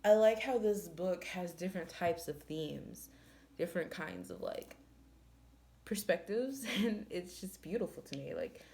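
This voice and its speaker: Low gravelly woman, blunt and profane. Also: big pitch swings, measured pace, darkish tone. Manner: blunt, profane, exasperated storytelling. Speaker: book reviewer. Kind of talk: casual book review chat.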